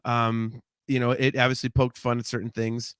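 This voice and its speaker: A man's voice: medium pitch, level tone, normal speed, a bit bright, clear, resonant tone, dry recording, studio quality. A man hosting a podcast, chatting casually and reading out listener comments, laughing often. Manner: giggly, reads listener comments aloud. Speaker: podcast host.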